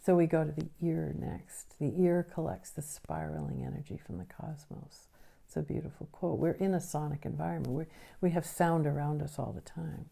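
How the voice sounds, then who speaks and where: A woman with a low, expressive, gravelly voice and a warm tone teaches a recorded nervous system lesson. She explains with patience, often pausing to check in with a brief question.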